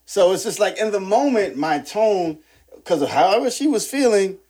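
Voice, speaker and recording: Animated laughing man in his forties. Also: high-pitched, moderate pace, breathy edge. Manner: animated storyteller, laughs often. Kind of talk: casual group chat.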